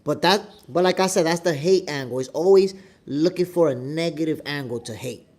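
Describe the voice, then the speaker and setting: A man from New York City with a New York accent, hosting a boxing show as a casual livestream chat from home, animated and talking straight to his viewers. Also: a little high, fairly quick. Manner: animated, repeats himself, talks straight to viewers. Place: home, at the Dominican Republic.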